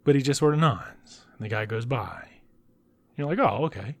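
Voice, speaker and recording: A man giving a casual recap of a film, talking bluntly with profanity and dropping into breathy whispered asides. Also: medium pitch, normal speed. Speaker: film reviewer.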